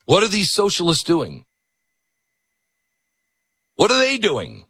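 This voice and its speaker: Animated, sharp-voiced radio host ranting. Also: male voice, high voice, slow, long pauses, husky, no room sound. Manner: animated, sarcastic, mocks others in put-on voices. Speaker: radio talk show host. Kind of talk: ranting political monologue. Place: broadcast studio. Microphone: studio microphone.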